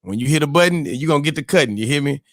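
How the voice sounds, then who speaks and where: A man's voice: fairly high pitch, animated, racing, fairly bright tone, no room sound, clean studio sound. A man co-hosting a casual morning show, joking in a playful, slangy way. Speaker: co-host. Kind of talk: casual chat.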